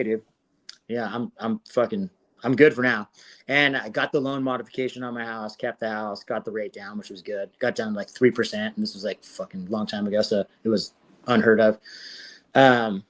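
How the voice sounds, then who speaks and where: A man in his forties, a podcast guest and former fighter, telling his story in a casual interview with lots of swearing and acted-out quotes. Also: mid-range voice. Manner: profane, animated retelling with quoted dialogue.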